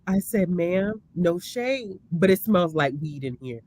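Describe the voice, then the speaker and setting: A woman's voice: medium pitch, moderate pace, hardly any pauses. A woman, a library worker telling stories in a casual chat, laughing often. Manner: animated, laughing storyteller.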